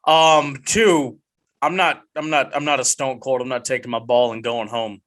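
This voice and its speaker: A man hosts a casual chat podcast with a bright, forceful voice. He jokes in a mock-dramatic way and rambles with frequent restarts. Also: mid-range voice, fairly even intonation, normal speed. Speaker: podcast host.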